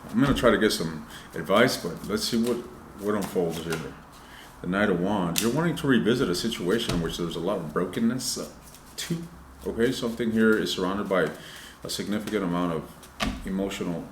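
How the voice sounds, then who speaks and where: A man's voice: low voice, fairly quick, roomy sound, background noise. A man giving a casual, loose tarot reading, swearing freely and talking straight to his viewers. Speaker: tarot reader.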